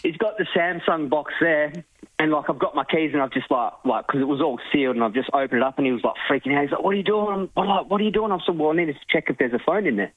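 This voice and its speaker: A man's voice: on the high side, fast, husky, dry recording. Casual Aussie male caller, phone line, trocken, rambling with lots of "like". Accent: Australian. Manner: rambling, fills with "like".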